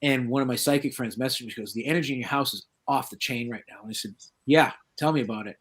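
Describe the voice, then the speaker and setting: A man's voice: mid-range voice, fast, husky. Middle-aged man telling a spooky story. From southeastern Massachusetts, USA. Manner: lively, acts out quoted voices. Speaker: guest paranormal researcher. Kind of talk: casual anecdotal storytelling.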